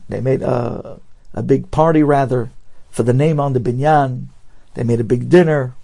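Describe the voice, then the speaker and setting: A man telling a story in a lively, animated way, repeating words and acting out the characters. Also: medium pitch, creaky.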